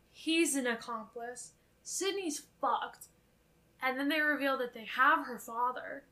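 A young woman co-hosting a podcast, casually recapping a film in an animated, profane way. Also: fairly high pitch. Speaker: podcast co-host.

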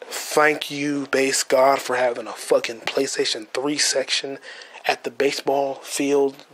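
A man's voice: medium pitch, flat delivery, a little slow, fairly bright tone, slight background noise. A man in his twenties with an American accent, hosting a podcast as a casual solo monologue, profane and joking, stumbling over his words. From United States. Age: 20s. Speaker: podcast host.

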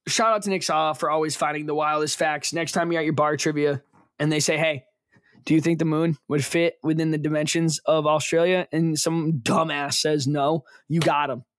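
A man's voice: a little high, flat delivery, normal speed. Flustered, rambling young man. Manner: rambling, flustered, repeats himself. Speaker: podcast co-host. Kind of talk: casual chat.

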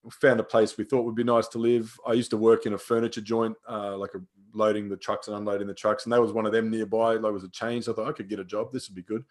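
Man, young, lowish voice, casual storyteller, swears a lot, quotes people in the telling. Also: little pitch movement, fast. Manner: swears freely, acts out dialogue in quotes. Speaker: guest, personal trainer.

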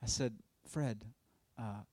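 A man who is an evangelist, telling his testimony as a sermon in an animated storytelling way, acting out other people's voices and laughing often. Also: lowish voice, takes it slowly, dry recording.

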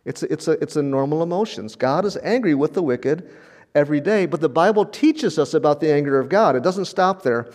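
A man's voice: fairly high pitch, expressive, fairly quick, darkish tone. An older man preaching a sermon in a conversational, storytelling way, often repeating words and chuckling. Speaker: pastor.

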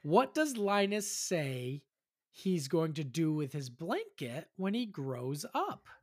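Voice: mid-range voice, very animated, takes it slowly, a little mellow. Chatty podcast host with many fillers. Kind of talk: casual podcast chat.

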